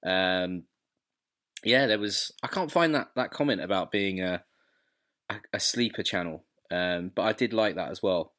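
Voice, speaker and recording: A man's voice: low voice, normal speed, a bit bright. A man co-hosting a podcast in casual chat, rambling and drifting off on tangents. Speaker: podcast co-host.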